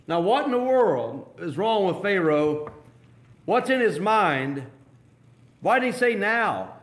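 Male pastor, high voice, emphatic sermon delivery with sudden drops, echoey sanctuary sound. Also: very animated, unhurried. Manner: emphatic, swings between loud high bursts and low drops.

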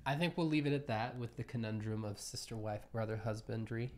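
A man co-hosting a podcast live stream, chatting casually in a relaxed, rambling, sleepy way. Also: on the low side, fairly quick. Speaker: podcast co-host.

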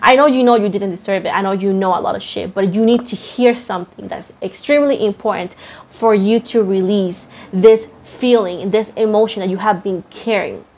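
A woman's voice: medium pitch, normal speed, a little mellow, a little hiss or hum. A young woman giving a tarot reading to her viewers, emphatic and repetitive, swearing casually and calling them pet names. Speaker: tarot reader.

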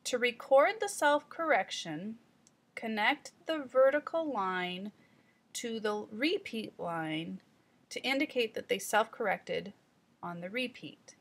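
A woman teaching trainees in an instructional voice-over, explaining deliberately and speaking straight to the viewer. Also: a little high, expressive, a bit bright.

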